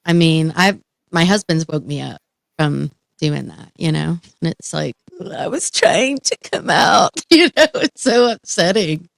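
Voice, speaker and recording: A woman with a low voice and a gravelly fry, chatting casually on a live stream. She talks in halting bursts, leaning on "like" and "you know." The sound is close and dry. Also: animated, no room sound. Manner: halting, filler-heavy, breathless storytelling. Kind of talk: casual chat.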